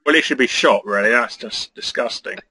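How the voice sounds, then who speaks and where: A man as an interview guest, trading deadpan, mock-menacing jokes in casual chat. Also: mid-range voice, fairly quick, crowd noise, poor audio.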